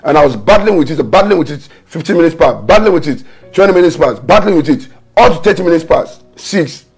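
A man's voice: fairly high pitch, lively intonation, fast talker, slightly rough, soft background music. A man pastor preaching an online morning prayer sermon, fervent, mixing tongues and repeated decrees with stories. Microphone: home camera setup for an online broadcast.

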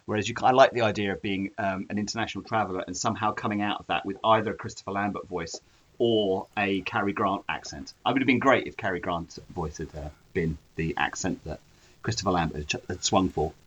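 Man in his forties, low-pitched and jokey; muffled lo-fi sound. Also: quick pace, a bit bright, husky. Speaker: podcast co-host. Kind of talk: casual film-discussion chat.

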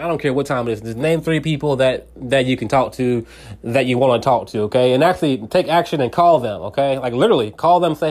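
A male host talking straight to his listener in an earnest, casual way. He rambles and restarts his sentences often, his voice sitting at an ordinary middle pitch. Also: a little fast. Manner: friendly, speaks directly to listener. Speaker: radio show host. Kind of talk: casual motivational talk.

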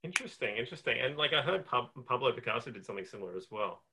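A man's voice: medium pitch, expressive, fast, bright, forceful tone, breathy edge, low-quality recording. A man hosting an interview in a casual, chatty way with lots of fillers. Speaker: podcast host. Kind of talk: conversational interview.

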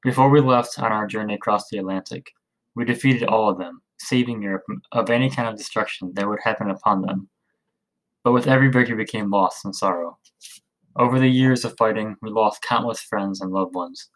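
A man voicing a stern, gruff middle-aged father and leader in a storybook, speaking gravely. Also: on the low side, fairly quick, fairly bright tone, lightly acted, low-quality recording. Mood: solemn.

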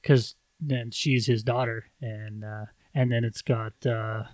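A man's voice: mid-range voice, fairly even intonation, slow pace, no echo. A man co-hosting a podcast, casually recapping a movie plot in a rambling way. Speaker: podcast co-host.

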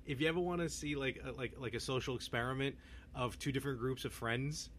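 A man co-hosting a live podcast, playful and quick to laugh. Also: mid-range voice, fairly even intonation, a bit bright, slight background noise. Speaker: podcast co-host. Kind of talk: casual chat on a live podcast.

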